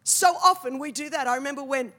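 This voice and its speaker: High-voiced woman preaching a lively sermon. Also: fast. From Australia. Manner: animated, comic asides, builds to loud declarations. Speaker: pastor.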